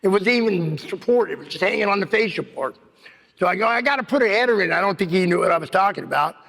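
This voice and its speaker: A man's voice: sits high, quick pace, gravelly, a bit bright. A man giving a rambling personal recovery share at a meeting, full of "you know what I mean.". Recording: long hall reverb.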